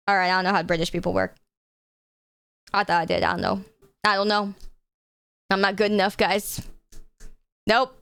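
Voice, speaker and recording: A woman's voice: medium pitch, lively intonation, normal speed, vocal fry, pauses often, fairly bright tone, clear, resonant tone, dry recording. A woman streaming live, chatting casually with her viewers, laughing often and swearing freely. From United States.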